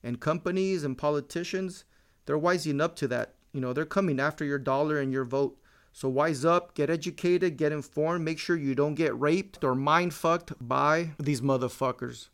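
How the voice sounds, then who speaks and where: A man's voice: a little high, moderate pace, clean tone. A man in his forties hosting a casual solo podcast, joking and swearing freely, dropping in Spanish words. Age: 40s. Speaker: podcast host.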